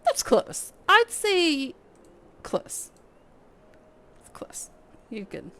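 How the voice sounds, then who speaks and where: A woman from Texas chatting casually while streaming a game. She talks slowly in a fairly high voice and keeps poking fun at herself with frequent laughs. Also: big pitch swings, fairly bright tone, whispered. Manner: chatty, self-mocking, laughs often. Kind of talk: casual chat while playing.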